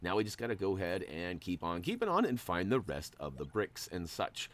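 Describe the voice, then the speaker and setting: Male gameplay host, low voice, chatty and playful, big swings in tone. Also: brisk, a little hiss or hum. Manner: chatty and playful, jumps up in excitement. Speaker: gaming channel host. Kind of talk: casual gameplay commentary.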